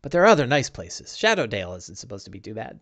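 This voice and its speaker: A man voicing a loyal, deferential male sidekick who speaks softly and hesitantly. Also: lowish voice, huge pitch swings, quick pace, dull audio, pitched below the performer's own voice, exaggerated voice. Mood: agreeable. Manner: polite, hesitant, soft-spoken.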